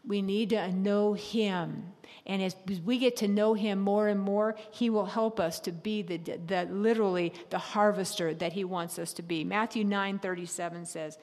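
A middle-aged woman tells a personal story from the pulpit, animated and laughing as she acts out her own thoughts. Her voice sits at an everyday pitch and rings with the long reverb of a church hall. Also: moderate pace. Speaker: speaker at a church service.

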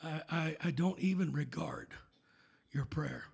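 A man preaching a sermon, rising to shouts and dropping to near whispers, with call-outs to his congregation. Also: fairly high pitch, a little slow, vocal fry, breathy edge. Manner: swings from shouted exhortation to hushed, near-whispered asides. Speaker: pastor.

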